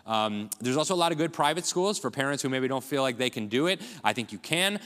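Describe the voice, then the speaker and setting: A conference speaker with a mid-range, somewhat bright voice gives an impassioned, rallying speech, talking fast and expressively and calling the crowd folks. He's in a large conference hall, and the recording carries a long hall reverb.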